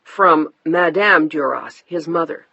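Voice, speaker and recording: A matter-of-fact housekeeper in an audiobook, speaking plainly and firmly, as the narrator puts her on. Her words come slow and deliberate in a husky tone, and the recording is dull. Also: medium pitch, pushed and bright, no room sound, heavily acted. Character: practical middle-aged housekeeper, matter-of-fact.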